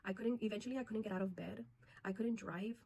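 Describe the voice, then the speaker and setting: A woman's voice: mid-range voice, quick pace, gravelly, warm tone, slightly rough, low-quality recording. Earnest woman telling her story. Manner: earnest, addresses viewers as "you guys" often. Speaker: vlogger. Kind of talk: personal storytelling to camera.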